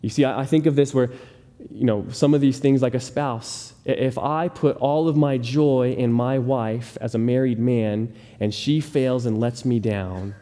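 A man's voice: mid-range voice, steady tone, unhurried, mellow. A man preaching a sermon as a pastor, speaking earnestly and often repeating words as he starts a thought. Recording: long hall reverb.

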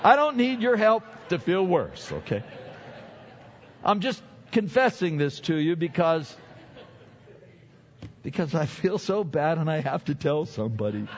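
A man's voice: a little high, very animated, unhurried, long pauses, slight background noise. An older man preaching a sermon as pastor, chatty and self-deprecating, often repeating his words. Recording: dull sound with long hall reverb.

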